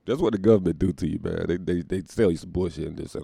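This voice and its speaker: A man's voice: low voice, fast talker, vocal fry, dark tone, breathy edge, no echo, studio quality. A man delivering a casual comedic rant, profane and rambling, often laughing and slipping into mock voices. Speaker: comedic commentator.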